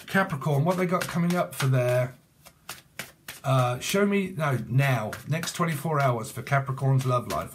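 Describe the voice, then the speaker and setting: A man's voice: mid-range voice, slight background noise. A man with a British accent giving a rambling, jokey tarot reading, free-associating and laughing at his own jokes. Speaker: tarot reader.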